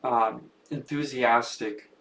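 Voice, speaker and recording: A man's voice: medium pitch, steady tone, takes it slowly, a bit bright. A man chatting casually on a podcast, loose and hesitant, with lots of fillers. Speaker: podcast co-host. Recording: roomy echo with faint hum.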